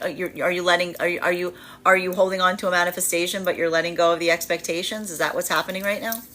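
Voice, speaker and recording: A tarot reader gives a live reading, talking animatedly with plenty of fillers and laughter while acting out the voices of the energies she describes. Her voice is fairly low in pitch, with a pushed, bright quality.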